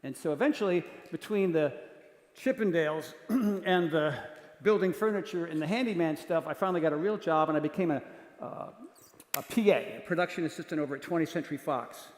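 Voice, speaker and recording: A man speaking in a voice on the higher side, animated and jokey, acting out the people in his stories. It rings through a large conference hall with a long, roomy echo. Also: brisk. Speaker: keynote speaker. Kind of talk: storytelling talk to an audience. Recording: echoey hall with long reverb.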